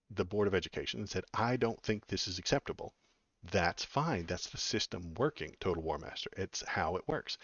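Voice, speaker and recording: A low-pitched man in his forties from Texas, hosting a political livestream and answering chat in a rambling, blunt way full of ums and restarts. His voice comes through dry and a little dull, with a lo-fi edge. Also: no room sound.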